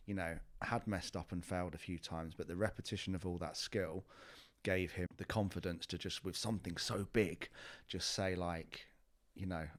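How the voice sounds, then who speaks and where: A man, a fitness and mindset coach telling his life story openly in an interview, full of "you know" fillers. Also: deep voice. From England. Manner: open, reflective, lots of "you know" fillers.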